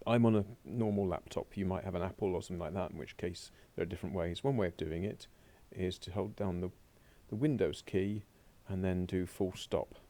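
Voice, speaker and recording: A man with a low, gravelly voice gives a recorded French lesson from his laptop. His tone is dark and mellow, and he chats to himself as he clicks through the slides. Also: a little fast, few pauses. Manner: chatty, talks to himself while working through slides. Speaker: French teacher. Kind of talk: recorded remote lesson with screen commentary. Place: home or classroom desk at a laptop.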